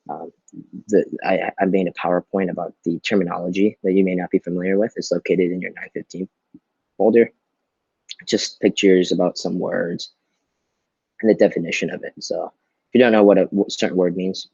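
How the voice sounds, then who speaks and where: A man's voice: deep voice, gravelly, a little mellow, slightly rough, no room sound, highs cut off. A male teacher giving a recorded online lesson, explaining patiently and often checking in with "right?".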